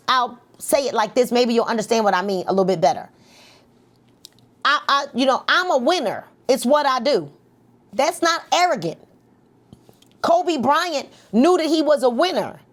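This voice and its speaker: A middle-aged woman coaching a live motivational session, energetic and leading the group in call-and-response with lots of repetition. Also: high-pitched. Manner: energetic, repeats phrases for emphasis, leads call-and-response.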